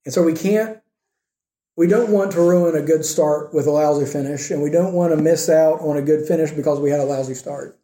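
A man preaching a sermon with earnest emphasis, swinging between raised emphatic points and quiet, soft asides. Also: on the high side, a little fast, roomy sound. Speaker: pastor.

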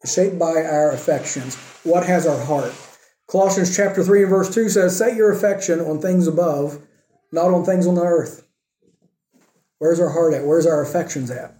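Pastor guy preaching in a church, real mellow dark voice, bit high, echoey room. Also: moderate pace. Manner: earnest preaching, rising emphatic then dropping quiet. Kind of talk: sermon.

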